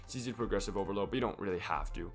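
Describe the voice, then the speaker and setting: A young man with a croaky, sick voice, rambling casually and profanely to camera in a fitness vlog. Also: lowish voice, rapid-fire, faint music behind. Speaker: fitness vlogger.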